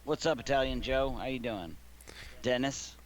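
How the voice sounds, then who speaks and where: A man's voice: mid-range voice, moderate pace. Rambling, laughing man telling a long story. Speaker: gaming streamer. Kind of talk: casual stream chat, storytelling. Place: living room at home.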